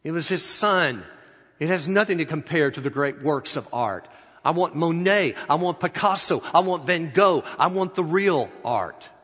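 A man voicing an indignant male art collector, shouting his outrage high and loud in an echoey hall. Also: expressive, moderate pace, slightly rough. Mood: outraged.

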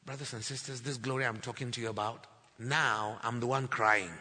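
A man preaching a sermon, telling a story and acting out the dialogue, building to loud declarations. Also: medium pitch, steady tone, brisk, breathy edge. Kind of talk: sermon testimony. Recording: long hall reverb.

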